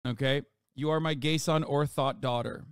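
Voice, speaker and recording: A man reacting on a livestream, talking in a sarcastic, profane rant. His voice sits fairly high for a man and comes through smooth and resonant. The sound is dry and close, with no room around it. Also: fairly even intonation, moderate pace, no echo.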